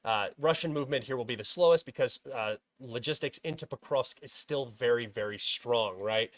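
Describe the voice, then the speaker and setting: A man's voice: mid-range voice, normal speed, no room sound. A young man hosting a livestream, casually talking through a war map with many uh and um fillers. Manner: filler-heavy, many uh and um restarts; bursts into loud frustrated shouting at himself. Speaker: host of a military map analysis stream.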